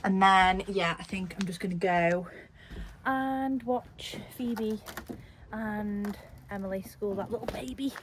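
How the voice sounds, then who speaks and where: A woman's voice: medium pitch, slow, noisy background. A woman vlogging outdoors at a horse outing, chatty and cooing to her horse. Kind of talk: casual chat at a horse outing. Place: outdoors at a cross-country course.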